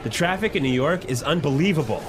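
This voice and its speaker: An actor playing an impatient, rude male traveler who complains loudly. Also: fairly high pitch, lively intonation, quick pace, music in the background, lightly acted. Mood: complaining. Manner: brash, complaining.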